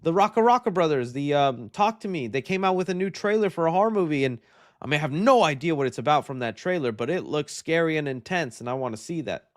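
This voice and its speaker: Chatty upbeat man, slightly high voice. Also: animated, fast talker. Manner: chatty and upbeat, reads out viewer messages. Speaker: host reading live chat questions. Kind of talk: casual live-stream chat.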